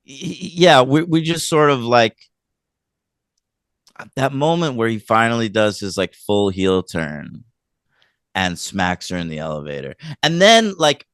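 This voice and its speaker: A man co-hosting a casual film review podcast, rambling and animated as he retells scenes, with lots of fillers. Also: on the low side, clean tone, no room sound, studio quality. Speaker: podcast co-host.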